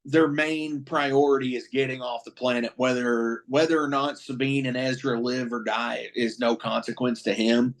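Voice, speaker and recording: A man's voice: mid-range voice, flat delivery, moderate pace, few pauses. A man co-hosting a podcast, recapping a show in loose casual chat with lots of swearing and "you know" fillers. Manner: loose and profane, recapping plot with many fillers. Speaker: podcast co-host.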